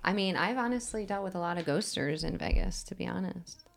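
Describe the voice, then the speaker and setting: A woman's voice: fairly low pitch, a little fast, gravelly, a little hiss or hum. A woman hosting a casual podcast, laughing often and asking loose questions. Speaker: podcast host.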